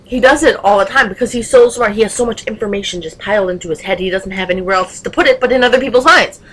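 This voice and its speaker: A young woman vlogger rants casually into her webcam, her mid-range voice quick and a bit bright. She delivers it emphatically and passionately, packed with rhetorical questions. The audio quality is poor.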